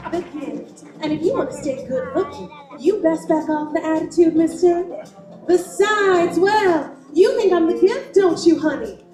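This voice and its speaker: A woman's voice: extremely high pitch, unhurried. A woman playing a sassy, flirty show host who teases audience members and leads the crowd. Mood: sassy teasing. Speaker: show performer leading the crowd. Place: large theater with a live audience. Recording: roomy, distant stage recording with music.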